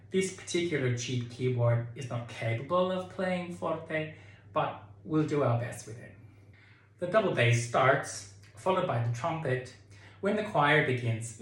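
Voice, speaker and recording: A man leading a choir tutorial, calmly explaining diction and sometimes singing phrases to show them. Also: a little high. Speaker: choir director. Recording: echoey room with keyboard.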